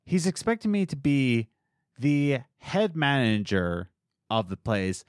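A young man talking casually on a podcast, his pitch swinging up and down as he retells conversations in mimicking voices. The sound is close and dry, with no room around it. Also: slow, clean tone, no room sound. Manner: animated storytelling, mimics others in quotes. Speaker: podcast co-host. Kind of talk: casual chat.

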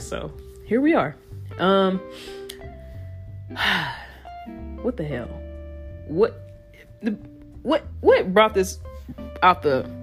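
Young woman podcast host, low voice, slangy, animated solo chat, faint guitar bed. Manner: loose, slangy and animated, breaks into playful impressions.

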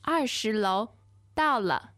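Slow, careful woman modeling pronunciation. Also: a little high, expressive, a bit bright, dry recording. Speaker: language teacher co-host. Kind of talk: podcast language lesson.

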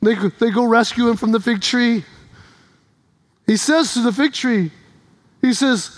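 Male preacher, very high pitch; animated sermon storytelling with shouted peaks. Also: a little slow, long pauses.

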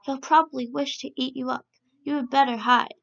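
A woman's voice: high-pitched, fairly even intonation, brisk, vocal fry, a bit bright, full character voice. A woman reading a story aloud, giving a sly, courteous male rabbit a smug, polite manner in a dull, lo-fi recording.

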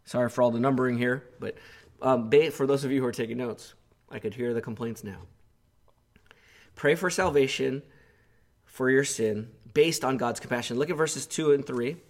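A man's voice: medium pitch, normal speed. A male pastor preaching an earnest sermon, growing impassioned as he voices the psalmist's pleas.

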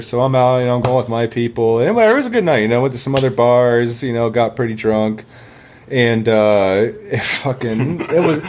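A man's voice: mid-range voice, normal speed, a little mellow. Man in a profane, rambling chat. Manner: rambling, heavy swearing, laughs through the story. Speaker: guest telling an army story. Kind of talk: casual profane storytelling.

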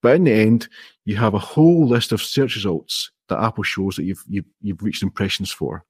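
Husky-voiced man explaining his method. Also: on the low side, moderate pace, no room sound, studio quality. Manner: explains step by step, friendly and modest. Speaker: guest, indie app developer. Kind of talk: casual interview chat.

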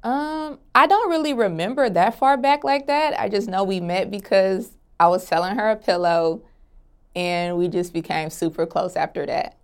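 A woman's voice: medium pitch, lively intonation, normal speed, smooth. A young woman from Atlanta answering interview questions in an easygoing way, laughing often. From Atlanta, Georgia. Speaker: interview guest. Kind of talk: relaxed sit-down interview answers.

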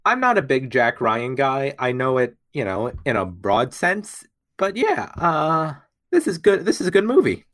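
A man adds wry, dry remarks to a casual movie chat. His pitch is ordinary, neither high nor low. The mic is close and dry, with no echo. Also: wildly swooping pitch, measured pace, a bit bright. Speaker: podcast co-host.

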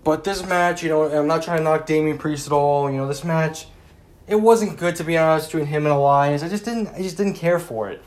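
A man's voice: on the high side, brisk. A man giving a casual, rambling recap of a wrestling show, often exasperated and full of fillers. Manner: rambling, exasperated, lots of "like" and "you know".

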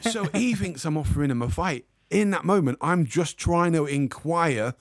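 A man spins a comic anecdote and throws himself into the other characters' voices as he goes. His voice is gravelly, with fry at the ends of phrases, and it sits in an ordinary male range. The recording is close and dry, with no room sound. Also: fairly high pitch, normal speed, no echo. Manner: animated storyteller, acts out the other people in the story. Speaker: podcast guest.

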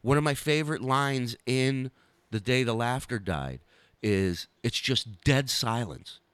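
A man in a casual podcast conversation, telling animated stories and mimicking the people he talks about. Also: medium pitch, measured pace, clear, resonant tone, dry recording. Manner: animated storyteller, mimics the comedian he describes.

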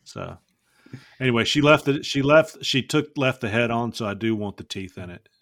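Joking podcast host, dry sound. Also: male voice, medium pitch, expressive, fairly bright tone, dry recording. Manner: joking, rambling, quick to laugh. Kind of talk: casual podcast chat.

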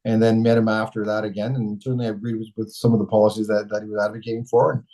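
Middle-aged man from Canada, mayor on a podcast; quick, chatty, keeps restarting his sentences. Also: lowish voice, poor audio. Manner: rambling, self-correcting, animated storyteller. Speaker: mayor, interview guest. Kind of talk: casual storytelling interview.

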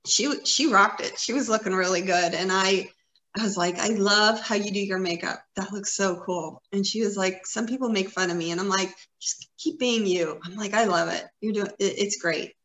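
Woman in her fifties, earnest and encouraging, casual podcast chat, roomy echo, mid pitch. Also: moderate pace, fairly bright tone. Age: 50s. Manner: earnest, encouraging, rambling with fillers. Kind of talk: casual conversation.

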